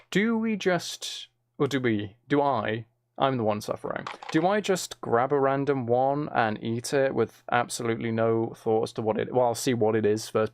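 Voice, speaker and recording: Guy streaming, rambly and unsure, bit of fry, dry sound. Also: medium pitch, dry recording. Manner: chatty, hesitant, reads out chat messages. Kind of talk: casual live-stream chat.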